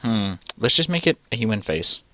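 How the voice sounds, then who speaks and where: A man's voice: on the low side, big pitch swings, moderate pace, a bit bright, no echo. A man reading a text adventure game aloud and adding dry, sarcastic asides. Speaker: let's play gamer.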